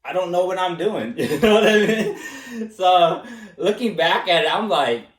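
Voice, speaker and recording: A man's voice: sits high, a little slow. Self-mocking man in an echoey room. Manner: animated and self-mocking, laughing often, doing impressions. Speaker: interviewee, former student. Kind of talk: casual interview. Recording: echoey room, mic at a distance.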